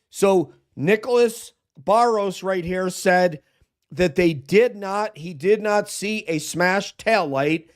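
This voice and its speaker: A man talking as a guest on a live true-crime stream, emphatic and argumentative as he makes his points. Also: high-pitched. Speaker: guest co-host.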